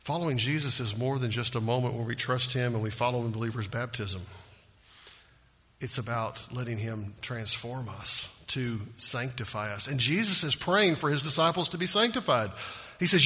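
Husky-voiced man preaching in a reverberant hall. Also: medium pitch, moderate pace, bright, forceful tone. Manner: earnest preaching, rising emphasis, rhetorical questions. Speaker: pastor. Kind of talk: sermon.

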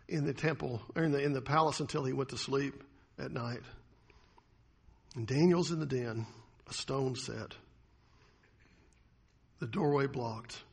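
A male pastor delivers a sermon with a rough, gravelly texture and a breathy, husky edge. His voice sits slightly higher than most men's. He keeps it conversational and turns to the congregation with questions. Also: fairly bright tone.

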